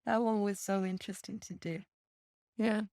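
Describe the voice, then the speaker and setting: A woman hosting a podcast, chatting in a friendly, unhurried way over a video call and letting her sentences trail off softly. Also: mid-range voice, fairly even intonation, no echo, clean studio sound. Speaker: podcast host. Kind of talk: casual chat. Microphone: video call with headphones.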